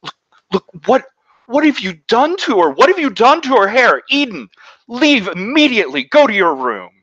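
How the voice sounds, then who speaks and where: A man voicing a furious mother who shrieks and yells at a servant girl. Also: big pitch swings, normal speed, husky, dry recording, muffled recording, heavily acted. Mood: furious yelling. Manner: shrill yelling. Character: shrieking angry mother, middle-aged woman.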